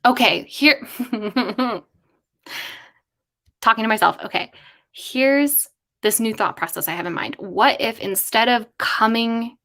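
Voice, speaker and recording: Casual streamer, young woman, muses aloud, bursts of excitement, chatty. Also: a little high, slow pace, pauses often. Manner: musing, excitable, thinking aloud. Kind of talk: casual livestream brainstorming.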